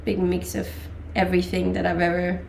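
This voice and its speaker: A woman's voice: on the low side, completely flat delivery, fairly quick, creaky, darkish tone, roomy sound, a little hiss or hum. A woman in her late twenties from Denmark, with a mixed Danish and English accent, chatting casually on a live stream with many ums and laughs. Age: late 20s. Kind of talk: casual chat reading live chat.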